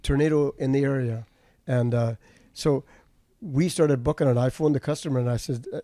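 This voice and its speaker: A male trucker telling a road story in casual chat, steady and matter-of-fact. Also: medium pitch, brisk, no room sound, studio quality. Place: studio table.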